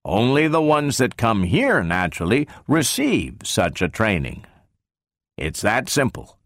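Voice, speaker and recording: A man reading an irritable general in an audiobook, brisk and impatient. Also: medium pitch, sing-song, a bit bright, no room sound, clean studio sound, voice pushed up. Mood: explaining. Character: irritable male general in charge.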